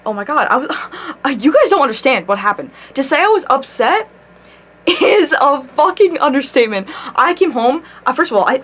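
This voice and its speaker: A young woman vlogger casually telling a rambling story at home, animated, swearing and laughing often. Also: a little high.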